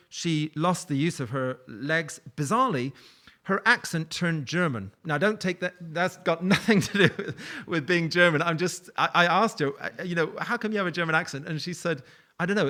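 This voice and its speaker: A man's voice: a little high, bright, forceful tone. A man preaching a sermon in a conversational, storytelling way, with light laughs. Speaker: pastor.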